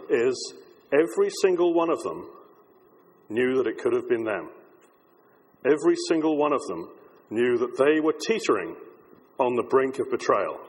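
A man's voice: medium pitch, breathy edge. A male preacher giving a reflective, discursive sermon, often restarting his phrases as he thinks aloud. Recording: long hall reverb.

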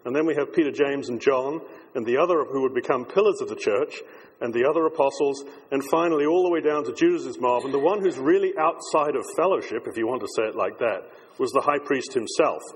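A man's voice: mid-range voice, husky. A male preacher giving a reflective, discursive sermon, often restarting his phrases as he thinks aloud. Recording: long hall reverb.

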